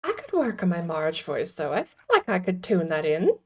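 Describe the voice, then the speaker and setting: A woman's voice: fairly low pitch, wildly swooping pitch, normal speed, darkish tone. A woman streaming a card game, chatting casually and playfully and laughing often. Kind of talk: casual chat while gaming.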